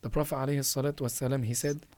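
A man's voice: mid-range voice, little pitch movement, rapid-fire, darkish tone, no room sound. Earnest man urging listeners, dry sound. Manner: earnest, exhorting, repeats phrases for emphasis. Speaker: podcast host. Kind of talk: religious advice talk.

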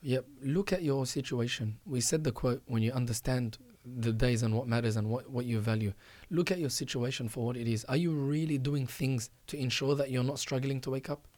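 A man's voice: mid-range voice, fairly quick, few pauses, darkish tone, no room sound. Earnest man urging listeners, dry sound. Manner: earnest, exhorting, repeats phrases for emphasis. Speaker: podcast host. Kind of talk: religious advice talk.

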